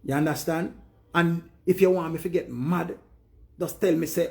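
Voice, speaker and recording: A man's voice: fairly high pitch, steady tone, normal speed, vocal fry. A man with a Jamaican accent giving an earnest, preachy monologue in Patois to his viewers. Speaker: live streamer.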